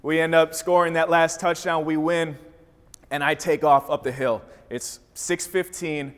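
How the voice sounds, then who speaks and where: A man's voice: a little high, fairly even intonation, a little slow, clean tone. A man from Wisconsin giving a motivational talk, telling a story with vivid energy. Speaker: speaker. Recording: reverberant hall.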